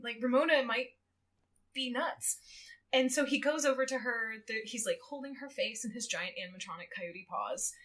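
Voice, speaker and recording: Animated woman with a bright voice. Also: on the high side, fairly quick. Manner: animated storytelling with frequent laughter and acted quotes. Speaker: guest co-host. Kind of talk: casual podcast chat, recapping a book.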